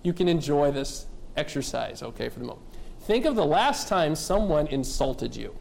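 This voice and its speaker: Male pastor, high voice, emphatic sermon, lots of rhetorical questions. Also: sing-song, normal speed, vocal fry, darkish tone, a little hiss or hum. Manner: addresses kids and adults directly.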